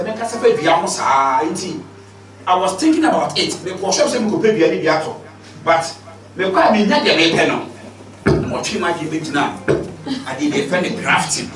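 A man with a Ghanaian accent preaching a sermon in an animated way, mixing two languages and calling for amens from the congregation. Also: fairly high pitch. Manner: animated, switching between Twi and English, calling for amens. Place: church hall with congregation. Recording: echoey church hall from far off.

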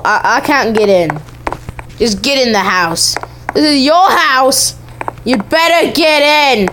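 High-voiced, unhurried excitable woman gamer. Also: slight background noise. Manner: excitable, exclaims and repeats herself. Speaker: gaming YouTuber. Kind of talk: let's-play game commentary.

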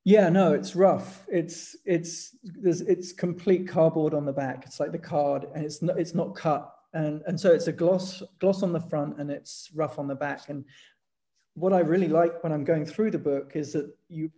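An English man, a guest photographer in a casual conversation, chatting in an animated, storytelling way and laughing as he goes. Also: a little high, normal speed. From England.

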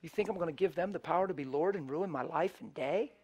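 A middle-aged man preaching a sermon, telling stories with loud emphasis and soft hushed passages. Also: fairly high pitch, fast, husky. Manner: animated, shifts between loud emphasis and soft hushed storytelling. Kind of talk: sermon with storytelling.

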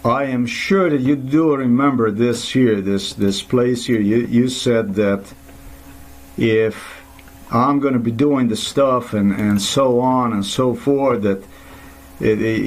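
A man's voice: mid-range voice, takes it slowly, a little mellow. A man delivering an angry, profane, rambling monologue to the camera, often restarting his sentences.

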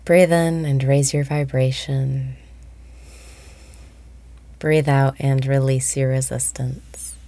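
A woman guiding a meditation, speaking slowly and softly, often breathy and whispered. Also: a bass voice, fairly even intonation. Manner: slow, soft-spoken, often breathy and whispered. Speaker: meditation guide. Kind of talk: guided meditation.

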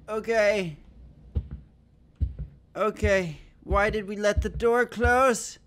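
Young male gaming YouTuber, high voice, jittery jokes and constant swearing while playing horror. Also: extremely slow, long pauses. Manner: excitable, swearing, nervous joking. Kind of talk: horror game let's play commentary.

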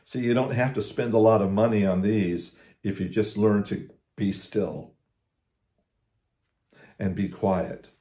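Pastor guy chatting thru a devotional, low mellow voice, echoey room. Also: steady tone. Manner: conversational, with frequent restarts and slow emphasis on scripture. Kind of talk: casual devotional talk.

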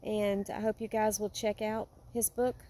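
A woman vlogging at home, talking in an earnest, heartfelt way that sometimes drifts soft and quiet. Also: medium pitch, level tone, moderate pace. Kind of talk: casual vlog monologue. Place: home with a yard.

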